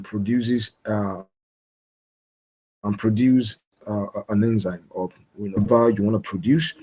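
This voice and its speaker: A man's voice: lowish voice, dark tone. A young man from Nigeria giving an informal science lecture, explaining step by step with many fillers and restarts. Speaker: guest lecturer.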